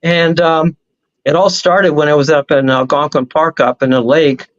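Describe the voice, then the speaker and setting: Male guest, high-pitched, animated and rambling storyteller, muffled lo-fi audio. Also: normal speed. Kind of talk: casual storytelling on a talk show.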